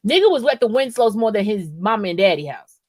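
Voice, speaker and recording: A woman's voice: medium pitch, big pitch swings, fast talker, darkish tone, no echo. A woman co-hosting a podcast in casual, profane chat, rambling and often checking in with "right?". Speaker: podcast co-host.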